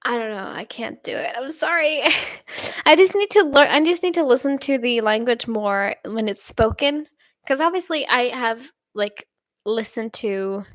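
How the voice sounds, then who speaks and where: A woman's voice: on the high side, lively intonation, unhurried, dry recording. Upbeat young Swedish woman chatting. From Sweden. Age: 20s. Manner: chatty, upbeat and rambling, laughs often. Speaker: channel host. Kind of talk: casual chat reading viewer comments.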